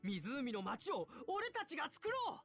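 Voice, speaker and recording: An actress voicing an eager young woman rallying her companions, excited and pumped up. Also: sits high, fairly quick, full character voice. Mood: fired up.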